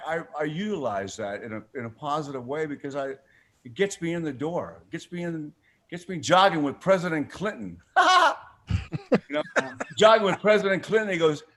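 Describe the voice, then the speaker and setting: An older man, a radio guest, telling stories in casual chat, animated and laughing often as he acts out the people in them. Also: fairly high pitch. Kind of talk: casual storytelling on a radio show.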